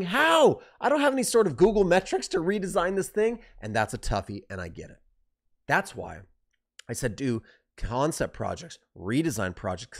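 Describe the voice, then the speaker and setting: A man teaching design on a live stream, talking fast and excitedly, driving points home with rhetorical questions. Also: medium pitch.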